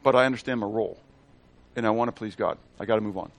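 A man's voice: fairly low pitch, quick pace, gravelly. A man giving a Bible teaching in a conversational way, checking in with the audience and asking them questions. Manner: asks the audience questions and repeats phrases.

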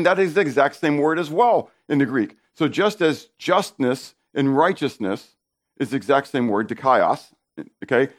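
A man preaching with an emphatic, insistent delivery. His voice sits a little higher than most men's. He hammers key words by repeating them and keeps turning straight to his listeners. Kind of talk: sermon.

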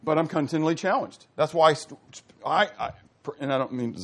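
A man's voice: fairly high pitch, fairly quick. A male pastor preaching a sermon, asking rhetorical questions and restarting phrases with stammers.

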